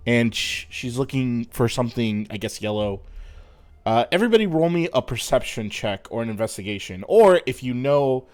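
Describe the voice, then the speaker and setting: A man narrating and running a tabletop fantasy game as game master, in a relaxed, hesitant way. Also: mid-range voice, normal speed, dry recording.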